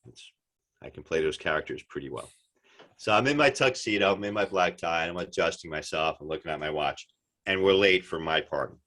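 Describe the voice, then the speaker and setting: Deep-voiced animated male storyteller. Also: brisk. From United States. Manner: animated storyteller, acts out quotes. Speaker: actor guest. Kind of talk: casual interview chat.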